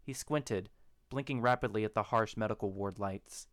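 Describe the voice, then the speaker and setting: A man narrating a story in a steady, even storytelling manner. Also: lowish voice, moderate pace, dry recording. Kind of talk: audiobook narration of a fan story.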